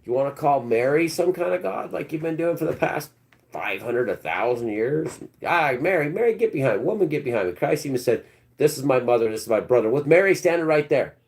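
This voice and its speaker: A man hosting a live stream, preaching and ranting, swinging between loud outbursts and low mutters. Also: lively intonation, brisk.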